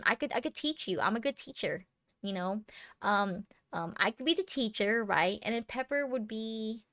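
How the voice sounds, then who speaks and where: High-voiced giggly young woman streamer. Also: fairly bright tone. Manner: playful, giggly, teasing, rambling with many fillers. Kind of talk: casual live-stream chat with viewers.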